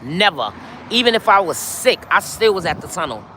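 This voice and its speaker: Her pitch sits low but swings widely as this middle-aged New York woman, speaking at normal speed in a slightly bright voice, chats with viewers on a casual live stream from a city street. She leans heavily on "y'all," and a little hiss or hum runs under the audio.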